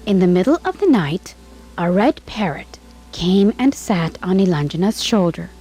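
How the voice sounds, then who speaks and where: A woman narrating a fairy tale in a measured storybook manner. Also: mid-range voice, lively intonation, warm tone, slightly rough. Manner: slow and measured. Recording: faint music behind.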